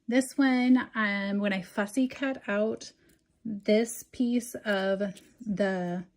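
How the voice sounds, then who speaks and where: A woman's voice: medium pitch, steady tone, very slow. A woman hosting a casual craft tutorial, walking through each step in a chatty way with frequent ums.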